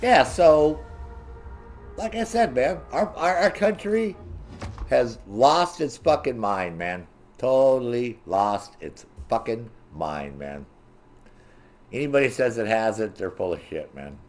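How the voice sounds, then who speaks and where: A man's voice: medium pitch, animated, slow pace, long pauses, darkish tone, slight background noise. A man streaming a video game and ranting in heavy profanity while he plays, laughing often. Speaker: gaming streamer. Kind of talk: casual gameplay commentary.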